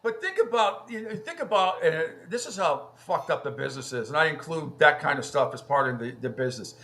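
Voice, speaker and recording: A man's voice: a little high, animated, brisk, pushed and bright. Blunt, cursing male radio host. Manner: blunt, profane, restarts often. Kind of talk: casual radio chat.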